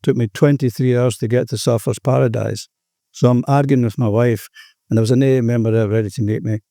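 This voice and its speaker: Older Australian man, mellow tone, earnest rambling recovery share, dry close sound. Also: medium pitch, fairly even intonation, a little fast, creaky, no room sound. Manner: earnest, rambling, peppered with "you know". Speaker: recovering alcoholic sharing his story.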